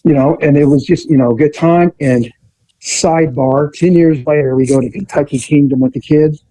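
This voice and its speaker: A man telling casual police stories, animated, laughing and swearing freely. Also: fairly high pitch, moderate pace, no room sound, poor audio.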